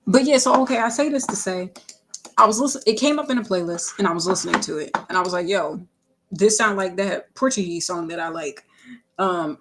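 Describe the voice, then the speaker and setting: A woman who makes music, chatting casually on a livestream, rambling with lots of fillers, self-corrections and playful asides. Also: mid-range voice. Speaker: singer-songwriter livestreaming her work.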